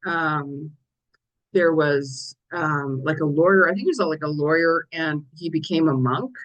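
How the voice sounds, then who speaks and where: A woman's voice: deep voice, a little slow, poor audio. A middle-aged woman psychic giving a weekly forecast in a casual, chatty way, acting out little quoted asides as she goes. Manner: chatty, animated, many quoted asides and restarts. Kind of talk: casual chat.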